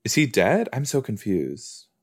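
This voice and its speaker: A man casually reacting to a TV episode as a podcast host, rambling and excitable, often cutting himself off mid-thought. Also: mid-range voice, a little slow. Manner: rambling, excitable, self-interrupting.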